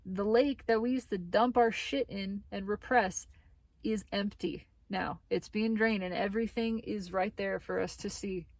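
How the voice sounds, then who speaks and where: A woman talks through a tarot spread in a relaxed spiritual chat. She is lively and laughs now and then, and her speech is loose, with casual swearing. Her voice sits at a middle pitch for a woman and sounds close and dry, with no room echo. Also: a little slow. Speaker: tarot reader.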